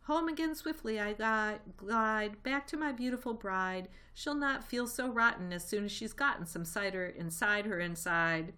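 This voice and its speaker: A woman voicing a clever, cheerful male fox in a storybook reading, brisk and upbeat. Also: on the low side, expressive, fairly bright tone. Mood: cheery.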